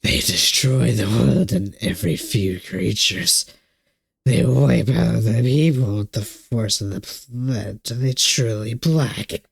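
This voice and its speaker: A man putting on a gravelly, hissing voice to read the lines of an arrogant, preachy ancient male ruler in a video game. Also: medium pitch, takes it slowly, no echo, heavily acted. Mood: lecturing. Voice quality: gravelly strained put-on voice. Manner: hissing half-whispered villain delivery. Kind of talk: reading game dialogue aloud in character.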